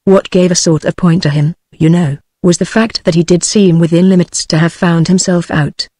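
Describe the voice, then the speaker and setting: A text-to-speech woman's voice with a British English accent, reading a classic story aloud in an even synthetic delivery. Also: fairly low pitch, normal speed, dry recording. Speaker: narrator.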